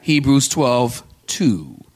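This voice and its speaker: A man's voice: mid-range voice, sing-song, drawn-out words, darkish tone. A male pastor preaching a sermon, building emphasis through repetition and calling on the congregation to respond.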